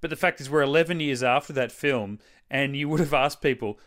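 An Australian man chatting casually as a podcast co-host. He rambles through his stories and drops swear words without a second thought. His voice sits at an ordinary middle pitch. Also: fast talker, few pauses. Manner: swears freely, rambling and animated. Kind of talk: casual chat.

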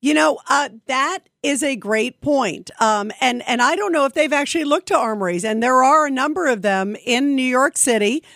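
A woman's voice: high-pitched, animated, normal speed, few pauses, fairly bright tone, dry recording, studio quality. A woman hosting a call-in radio talk show, chatting with callers in a conversational way with plenty of fillers. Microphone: studio microphone.

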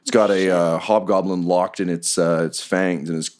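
Deep-voiced man running a tabletop game. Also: normal speed. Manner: lively, laughing narration with shouted character lines. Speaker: game master.

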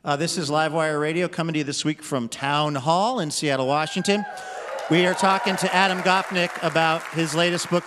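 A man's voice: on the high side, fairly bright tone, slight background noise. Joking male radio host in a hall. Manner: casual, joking interviewer. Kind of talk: live stage interview. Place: theater stage before live audience. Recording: long hall reverb from stage.

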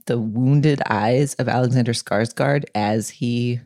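Woman w a really low mellow voice, sarcastic podcast panelist riffing. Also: takes it slowly. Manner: animated, sarcastic, mimics voices when quoting. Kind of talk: casual panel discussion.

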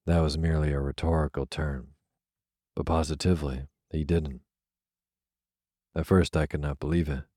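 A man reading a classic novel aloud as a soft, unhurried bedtime story. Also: a bass voice, no room sound, clean studio sound. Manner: soft, even, unhurried delivery. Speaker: narrator. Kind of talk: slow, soothing sleep-story reading.

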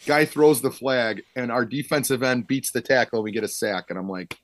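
A man in his thirties, a high school football coach, telling stories in a casual podcast chat and acting out what people said, with frequent laughs. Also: a little fast, no echo. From Illinois, Chicago suburbs. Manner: storytelling, acts out quotes loudly, laughs often.

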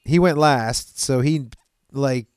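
A man hosting a podcast, telling stories in a loose, profane, animated way with laughs along the way. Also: medium pitch, slow, smooth, no room sound, clean studio sound. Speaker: podcast host. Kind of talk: casual storytelling chat.

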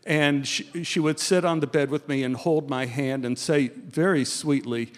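An older man from Texas telling a comic personal anecdote as a guest, animated and chuckling as he talks. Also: a little high, unhurried, in a large hall. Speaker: guest storyteller.

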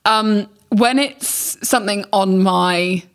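Young woman guest, candid and lively, swears, mid-range voice. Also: mid-range voice, slow. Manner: frank and animated, swears, acts out messages in voices. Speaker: podcast guest. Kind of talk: casual podcast chat.

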